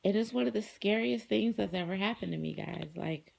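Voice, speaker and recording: Her voice is medium-pitched, gravelly and darkish, and she talks briskly over slight background noise. She's an adult vlogger, married with kids, rambling chattily to her audience and leaning on lots of fillers.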